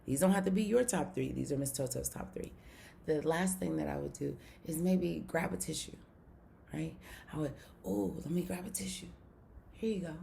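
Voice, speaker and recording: A woman with a low, gravelly voice teaches a recorded video lesson. She often repeats her points, checks in with "right?", and sometimes calls herself by her own name. Her tone is mellow, with a faint hum of noise behind her. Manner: refers to herself in the third person. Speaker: online course teacher.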